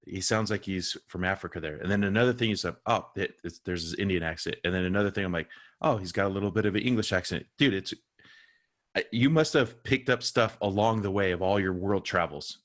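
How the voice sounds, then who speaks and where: A man's voice: sits low, brisk, a bit bright. A man hosting a podcast, asking questions in a friendly, enthusiastic way and saying "dude" a lot. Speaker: podcast host. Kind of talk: casual interview chat.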